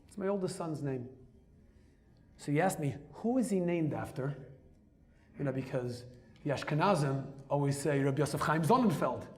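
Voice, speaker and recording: Guy telling a long story to a crowd, kinda high voice, really into it, tosses in hebrew and yiddish words. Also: moderate pace, long pauses. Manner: lively, emphatic storyteller who slips Hebrew and Yiddish terms into English. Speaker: rabbi telling a story to an audience. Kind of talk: storytelling talk.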